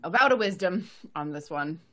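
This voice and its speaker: Bright, lower-voiced woman player. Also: animated, normal speed. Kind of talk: casual tabletop play.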